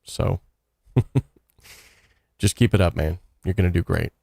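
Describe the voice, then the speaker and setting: A man with a low, gravelly voice hosts a relaxed livestream. He talks earnestly and encouragingly, wandering through his thoughts with plenty of "uh"s, and the sound is close and dry. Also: takes it slowly, no echo. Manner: earnest, encouraging, loosely rambling with fillers. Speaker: livestream host of a song contest. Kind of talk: casual livestream chat.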